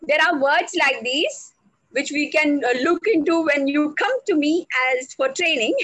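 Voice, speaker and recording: A woman teaching on a video call, slow and deliberate, spelling out words letter by letter. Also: high-pitched, fairly bright tone, dry recording, poor audio. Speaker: English language trainer. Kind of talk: online speaking workshop.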